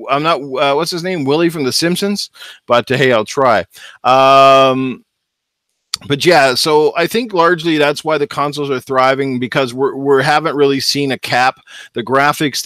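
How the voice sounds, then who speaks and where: A man's voice: mid-range voice, moderate pace, fairly bright tone, no echo, clean studio sound. Chatty man hosting a gaming stream. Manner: chatty, upbeat, greets viewers. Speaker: gaming show host. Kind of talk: casual livestream chat.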